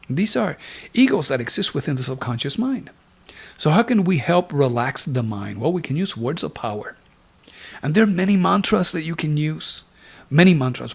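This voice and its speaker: A man giving a spiritual lecture on meditation as an instructor, speaking slowly and deliberately and dropping some words to a whisper. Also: on the high side, gravelly.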